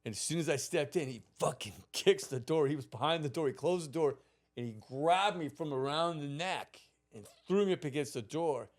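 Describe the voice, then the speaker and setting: A man's voice: fairly high pitch, a little fast. A man in his fifties, a podcast host, telling a childhood story in casual, profane chat and acting out the people in it.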